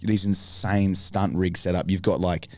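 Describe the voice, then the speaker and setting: A young adult man, a podcast guest telling animated stories about acting work, swearing often. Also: low voice, measured pace. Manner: animated storytelling with lots of swearing. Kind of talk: casual chat.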